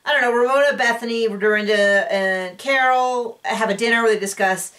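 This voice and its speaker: A woman chatting casually as she recaps a show, rambling and acting out quotes in a higher voice. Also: moderate pace, fairly bright tone, distant mic. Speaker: recap vlogger.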